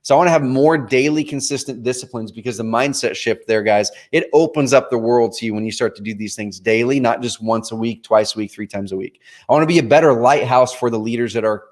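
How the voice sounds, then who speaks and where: A man in his late thirties speaks at an ordinary middle pitch in an earnest, personal way. He leads a motivational planning webinar and talks straight to his viewers as "guys". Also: fairly quick. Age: 30s. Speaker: company leader presenting a planning webinar.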